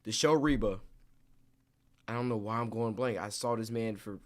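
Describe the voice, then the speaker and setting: A young man, an actor, telling stories in a casual interview, animated and acting out what others said. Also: on the low side, normal speed. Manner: animated storyteller, acts out quotes.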